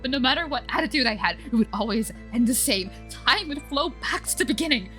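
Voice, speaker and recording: A woman's voice: high-pitched, lively intonation, brisk, bright, forceful tone, faint music behind, pitched above the performer's own voice. A woman voicing a despairing looping young man. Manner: despairing, pleading and raw. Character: young man broken by endless time loops.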